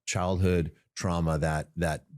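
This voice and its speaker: A man who is a podcast guest, telling stories in a casual interview, animated and often repeating words as he builds his point. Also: low-pitched, takes it slowly. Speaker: podcast guest, tea company founder.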